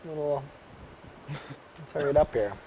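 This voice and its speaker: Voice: mid-range voice, unhurried. A playful panelist teasing the others in casual comic book banter. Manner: playful, teasing, laughs often. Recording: loud background noise.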